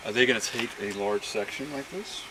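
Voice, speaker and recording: A man's voice: mid-range voice, lively intonation, a little fast, sharp tone. A man making dry, teasing remarks while working outdoors in a yard. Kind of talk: casual chat. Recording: very noisy outdoor home video.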